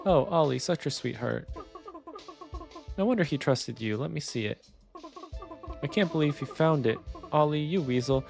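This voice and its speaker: A man's voice: a little high, moderate pace, creaky, long pauses, darkish tone, soft background music. A man reading game dialogue as a playful young woman who lives in the woods, friendly and teasing. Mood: fond. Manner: teasing, friendly, read aloud from game text.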